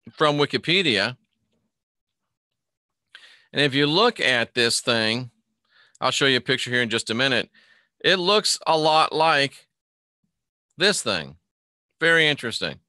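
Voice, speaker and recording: A man with a slightly high, bright, forceful voice hosts a live online show in a casual, rambling style. He reads a news article aloud, comments on it, and greets chat viewers by name, all in clean studio sound with no room sound.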